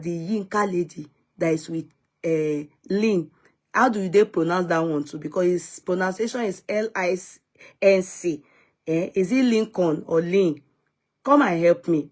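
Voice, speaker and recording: A young woman chatting casually as she reads viewer comments, scolding and teasing them in a chatty way and dropping in Yoruba phrases. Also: lowish voice. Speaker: vlogger reading live comments.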